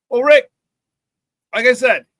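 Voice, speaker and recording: Male sports talk host, high, bright voice, dry close mic, excitable and chatty with the chat. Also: dry recording. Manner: excitable and hyped, with frequent laughs and slang. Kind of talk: live-streamed sports talk, reading viewer chat.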